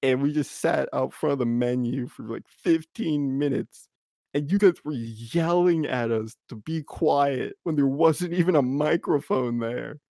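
Gravelly young man telling a rambling story. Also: medium pitch, measured pace, mellow, no echo, clean studio sound. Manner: rambling, full of "like", breaks into laughter. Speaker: podcast co-host. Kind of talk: casual storytelling chat.

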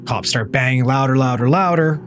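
A man's voice: medium pitch, fairly quick. A man, a paramedic, telling a wild call story in casual chat, swearing freely and acting out what everyone said. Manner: profane, animated storyteller who acts out what people said.

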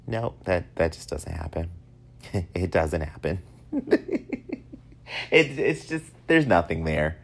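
Deep-voiced man, self-mocking podcast talk. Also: slow, gravelly, long pauses. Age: 30s. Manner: self-mocking, animated storytelling. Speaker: podcast host. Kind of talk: casual solo podcast monologue.

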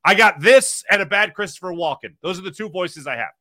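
Lively, bright-voiced male sports co-host. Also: high-pitched. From Philadelphia area. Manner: animated, jokey, quick tangents. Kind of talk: casual sports talk.

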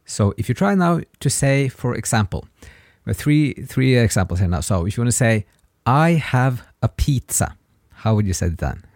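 Patient man teaching in a lively voice. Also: mid-range voice, no room sound, studio quality. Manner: patient, repeats words slowly for learners. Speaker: language teacher, podcast host. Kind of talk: casual podcast lesson.

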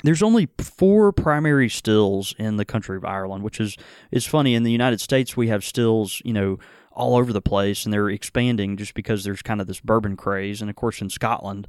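A man's voice: fairly low pitch, darkish tone, clean tone, dry recording. Guy hosting a whiskey tasting, stops and restarts a lot, dry close sound. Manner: halting, many restarts and fillers. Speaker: whiskey show host. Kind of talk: casual tasting chat. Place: Mississippi.

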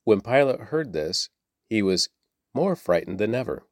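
Deep-voiced man reading scripture aloud. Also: a little slow, no echo, studio quality. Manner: steady reading with small repeats and self-corrections. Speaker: Bible reader.

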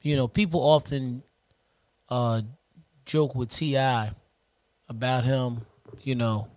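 A man's voice: medium pitch, fairly even intonation, takes it slowly, no room sound. Laid-back man in his forties. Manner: laid-back, playful, sing-song intros. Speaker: podcast co-host. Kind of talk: casual chat.

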